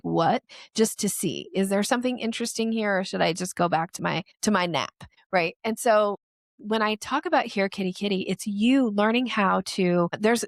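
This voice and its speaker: A woman sales strategist speaking as a podcast guest, explaining in a lively way and acting out the voices she quotes. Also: mid-range voice, creaky, no room sound, studio quality.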